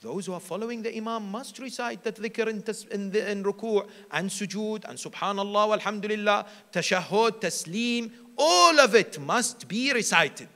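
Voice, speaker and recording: A man preaching a sermon as a sheikh at a religious gathering, animated and full of rhetorical questions he answers himself. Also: high-pitched, moderate pace, hardly any pauses, in a large hall. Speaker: sheikh giving a majlis lecture.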